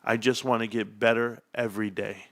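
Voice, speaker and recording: A man hosting an investing chat, telling a store story with lively acted-out dialogue. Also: fairly low pitch, brisk, vocal fry. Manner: animated storyteller acting out shop dialogue. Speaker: stock channel host.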